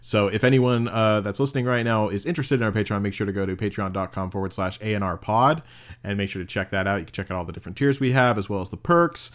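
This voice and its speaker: A man's voice: lowish voice, fast. A man hosting a podcast, loose and joking, laughing often as he reads out plugs. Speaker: podcast host. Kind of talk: casual chat.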